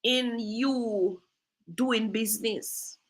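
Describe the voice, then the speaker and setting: A woman hosting a casual real estate chat, telling lively stories and slipping into patois. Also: a little high, extremely slow, rough recording. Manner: lively storyteller, drifts into patois. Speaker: real estate agent and host.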